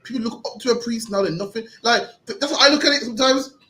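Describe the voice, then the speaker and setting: A man's voice: very high voice, fast, bright, forceful tone, rough recording. A man teaching scripture in slangy, emphatic street talk, ending his phrases with "man". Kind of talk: animated teaching with questions.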